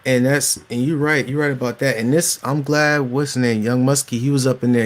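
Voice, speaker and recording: A young man hosting a casual podcast conversation, laid-back and quick to agree and chime in. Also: medium pitch, steady tone. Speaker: podcast host.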